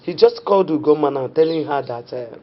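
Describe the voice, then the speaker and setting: A woman's voice: deep voice, animated, fairly quick, slight background noise. An actress with a Nigerian accent playing a worried middle-aged mother who soothes her daughter and scolds her husband. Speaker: mother and wife. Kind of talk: Nollywood film drama. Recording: dull film audio with music behind.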